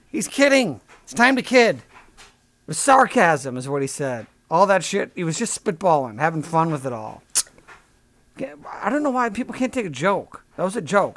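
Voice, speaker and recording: A man's voice: fairly high pitch, dry recording. A man hosting a comedy podcast, delivering a sarcastic, profane, rambling rant. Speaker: podcast host.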